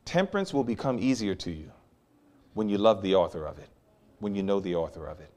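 A man preaching a sermon, animated and storytelling, with sudden loud peaks. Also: fairly low pitch, fairly quick.

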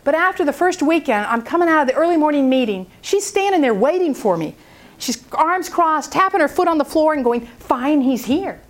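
Woman w/ a high voice teaching about prayer, lively storytelling, acts out the folks in it. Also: a little fast. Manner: animated, acts out the people in her story. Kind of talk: storytelling seminar talk.

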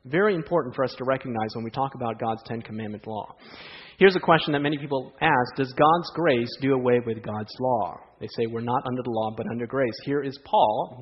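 A man delivering a sermon, with a voice that sits a little high for a man. His stories come animated and are dotted with rhetorical questions to the listeners. The sound is dull and lo-fi, with a long hall reverb behind him. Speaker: preacher.

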